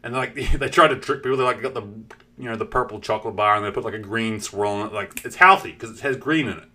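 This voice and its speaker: A man's voice: fairly low pitch, fast talker, pushed and bright. A man streaming and chatting casually, rambling with lots of fillers and swearing while acting out what people said. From New Zealand. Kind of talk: casual chat.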